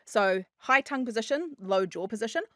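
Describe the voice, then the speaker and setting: A woman's voice: fairly high pitch, expressive, fairly quick, fairly bright tone, no echo, clean studio sound. A woman in her fifties with a New Zealand accent, co-hosting a podcast and explaining vocal technique in a coaching way. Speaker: podcast co-host. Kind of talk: casual chat.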